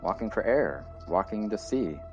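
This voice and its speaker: A man voicing a quiet, polite, lonely writer who answers simply and mildly, in a story reading with faint music behind. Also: lowish voice, expressive, normal speed, lo-fi sound, natural voice. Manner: mild, simple, polite replies.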